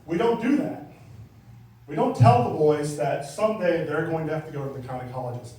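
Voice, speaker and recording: A man's voice: a little high, a little fast, mellow. A man doing a stand-up comedy set in a small club, chatty and teasing the crowd. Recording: echoey club from far off.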